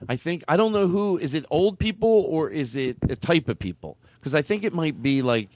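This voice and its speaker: A man hosting a loose comedy podcast, rambling between jokes and breaking into laughter. His pitch swoops up and down freely, and the sound is close and dry. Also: lively intonation, moderate pace, a little mellow, no echo. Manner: rambling, laughing, swearing, mock outbursts. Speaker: podcast host. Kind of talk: casual comedic chat.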